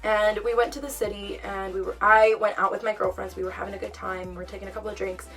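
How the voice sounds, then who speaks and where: A woman's voice: mid-range voice, fast talker, vocal fry. Chatty young woman telling a story, mic far off. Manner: chatty, animated retelling with quoted dialogue. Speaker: vlogger. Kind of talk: casual storytime. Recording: far from mic, music behind.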